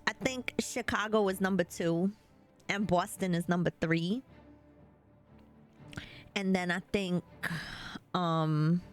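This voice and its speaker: Woman, New York accent, unhurried talk, casual live-stream chat, faint music behind. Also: fairly low pitch. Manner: chatty, answers chat, laughs often.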